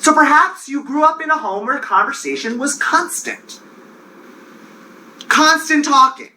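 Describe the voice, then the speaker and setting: A man with a Long Island accent giving a university classroom lecture, animated and digressive, with joking asides. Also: extremely high pitch, unhurried, a little hiss or hum, low-quality recording.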